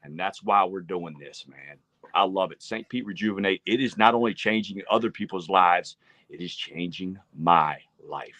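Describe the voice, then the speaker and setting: A man co-hosting a life-coaching podcast, chatting in an earnest, fired-up way that slows down for emphasis. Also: sits low, sharp tone, no echo. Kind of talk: casual chat.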